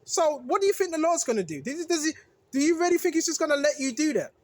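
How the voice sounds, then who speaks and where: Quick-paced and high-pitched with big swings in pitch, this religious video creator preaches casually to the audience. Phrases are repeated for emphasis, sentences restarted and self-corrected, with frequent "right?" check-ins.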